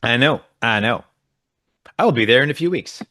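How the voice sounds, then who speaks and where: A man's voice: medium pitch, expressive, moderate pace, pushed and bright, dry recording, studio quality. Rambling man co-hosting a podcast, just woken up. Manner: rambling, self-interrupting, jokey. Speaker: podcast co-host. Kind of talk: casual chat.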